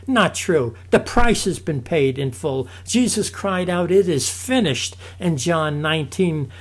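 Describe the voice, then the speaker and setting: A man giving a fervent preaching testimony, calling his listeners "folks" again and again. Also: a little high. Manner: fervent, repeats "folks" often.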